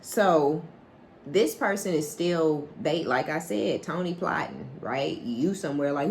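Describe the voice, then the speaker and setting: Woman doing a tarot reading, low voice, cusses a lot, keeps going "right?". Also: measured pace, gravelly, faint music behind. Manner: blunt, profane, keeps asking "right?"; animated, acts out quoted dialogue. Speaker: psychic tarot reader. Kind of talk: collective tarot reading, casual and unscripted.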